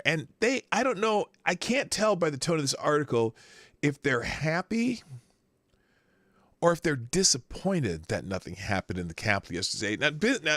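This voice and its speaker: A man's voice: medium pitch, a bit bright, no room sound, studio quality. A man hosting a live morning stream, casually greeting chatters by name with rambling asides and self-corrections. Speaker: live show host. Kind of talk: casual live-stream chat, reading viewer names.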